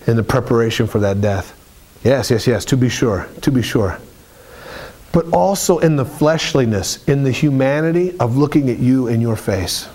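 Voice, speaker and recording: Male preacher, sermon delivery, insistent and repetitive, ordinary middle pitch. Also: warm tone. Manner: emphatic, repetitive phrasing.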